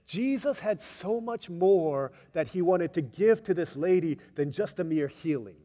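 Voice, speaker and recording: A man preaching a sermon, telling stories with voices, swinging from hushed tender passages to loud emphatic ones. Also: on the high side, a little fast, in a large hall. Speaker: pastor.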